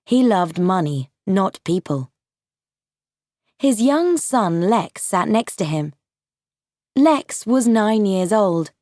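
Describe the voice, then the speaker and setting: A woman narrating an audiobook for English learners, slow, clear and carefully paced. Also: mid-range voice, darkish tone, dry recording, studio quality. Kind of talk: scripted narration of a graded reader.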